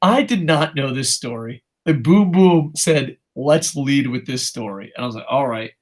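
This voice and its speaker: A young man co-hosting a casual wrestling podcast, ranting in a profane, animated way. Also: medium pitch, moderate pace. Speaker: co-host.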